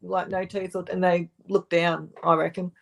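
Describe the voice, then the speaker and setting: A woman's voice: on the low side, level tone, normal speed, gravelly. A woman in a casual conversation, speaking earnestly and with opinion.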